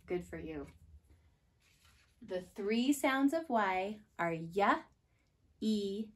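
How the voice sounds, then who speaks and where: A woman leads a preschool phonics lesson at an unhurried, very slow pace. She sounds each word out clearly and repeats it, and her voice sits at an ordinary middle pitch. Now and then she breaks into an excited exclamation. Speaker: preschool teacher. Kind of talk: phonics lesson for young children.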